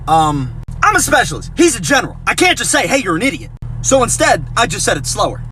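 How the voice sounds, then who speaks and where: A man's voice: high voice, sing-song, brisk, noisy background. A man, an army veteran, telling a sarcastic storytime and acting out the dialogue. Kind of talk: comedic storytime monologue.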